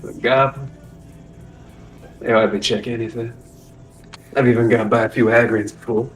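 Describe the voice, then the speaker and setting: A man's voice: medium pitch, steady tone, moderate pace, far from the mic, soft background music, close to an everyday voice, poor audio. A man voicing a shifty shapeshifting dealer who talks in a sly, scornful way. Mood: sly, scheming. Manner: sly, scornful deal-making.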